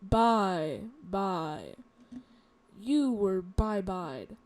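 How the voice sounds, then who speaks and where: A woman's voice: medium pitch, lively intonation, very slow, darkish tone. A woman casually narrating a map series in a rambling, self-mocking way, joking as she goes. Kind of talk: casual commentary over a map.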